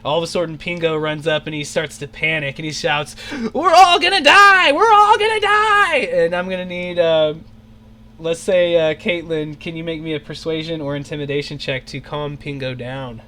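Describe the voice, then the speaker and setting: A man's voice: a little high, little pitch movement. A man running an online tabletop game as dungeon master, narrating in a rambling way with lots of fillers. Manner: rambling, filler-heavy, quick to shout out character lines. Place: home, on an online voice call.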